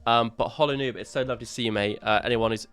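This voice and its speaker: A man's voice: mid-range voice, steady tone, racing, a bit bright, no room sound, soft background music. A man co-hosting a casual podcast stream, laughing often and bantering with a little swearing. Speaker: podcast co-host. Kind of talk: casual chat on a live stream.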